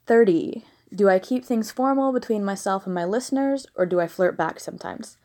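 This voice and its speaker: A woman with a dark-toned, medium-pitched voice and moderate pace, from the American South, answers listener questions she reads aloud at home, a dog close by. Her casual monologue is frank and blunt, sprinkled with giggly laughing asides.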